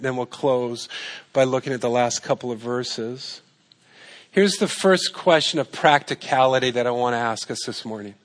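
A pastor with a mid-range, slightly bright voice preaches conversationally. He asks rhetorical questions and repeats his points for emphasis.

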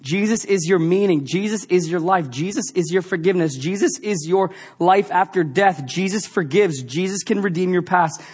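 High-voiced preacher man, emphatic. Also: normal speed, hardly any pauses, breathy edge. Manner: emphatic, repeats lines, shifts to confiding storytelling. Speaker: pastor. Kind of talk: sermon.

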